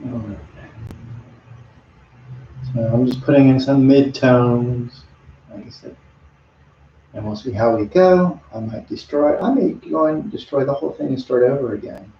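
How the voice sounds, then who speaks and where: An artist streams a live painting demo, chatting and rambling to viewers between brushstrokes. His voice is medium-pitched, measured, and creaky with long pauses, captured as dull lo-fi audio in an echoey room with a little hiss or hum.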